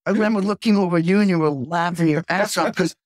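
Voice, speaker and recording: A man hosting a casual chat, an animated storyteller who acts out the voices in his anecdotes. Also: sits high, fast, no echo, clean studio sound. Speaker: host, session drummer.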